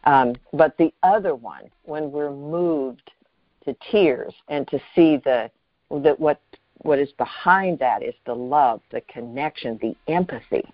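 A show host reflecting slowly and thoughtfully, often pausing to find the next phrase. The voice sits in a middle register, recorded close and dry with a slightly muffled, lo-fi sound. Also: medium pitch, expressive, no room sound. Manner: thoughtful, searching, halting phrasing. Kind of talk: reflective spiritual talk.

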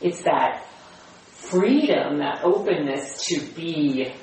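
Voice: mid-range voice, animated, a little mellow. A speaker sharing personal reflections in a spiritual group discussion, searching for words and often restarting. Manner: searching, halting, with many restarts. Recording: echoey room, distant mic, faint hum.

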